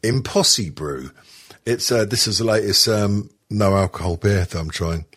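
Podcast host, man, husky voice, casual sweary banter. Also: lowish voice, moderate pace, fairly bright tone. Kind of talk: casual chat.

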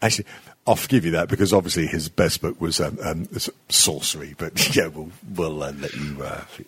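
A man's voice: a bass voice, fairly even intonation, brisk, a bit bright, slightly rough, no echo. A man hosting a podcast, rambling and swearing freely with self-mocking humour. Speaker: podcast host. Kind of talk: casual podcast chat.

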